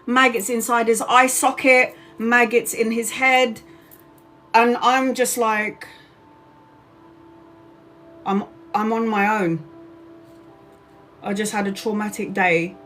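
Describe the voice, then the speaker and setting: A woman telling a story casually to her livestream viewers. She is animated and swears freely, and she often repeats herself. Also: on the high side, takes it slowly, pauses often, soft background music. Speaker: tarot reader and live streamer.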